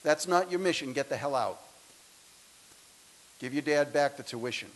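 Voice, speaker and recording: A man in his sixties giving a motivational speech to students, his delivery swinging between loud emphasis and soft, intimate lines. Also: a little high, normal speed, low-quality recording. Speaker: speaker. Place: lecture hall.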